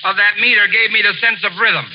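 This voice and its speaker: Gruff, blunt man in radio comedy. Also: high voice, fairly even intonation, fast talker. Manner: gruff, blunt, mangles words. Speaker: guest bandleader. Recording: dull old radio broadcast.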